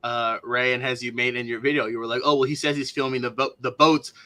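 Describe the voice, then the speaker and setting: A man's voice: medium pitch, flat delivery, fast talker, pushed and bright. A man chatting as a guest commentator, stammering and repeating words, often apologetic. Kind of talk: casual chat.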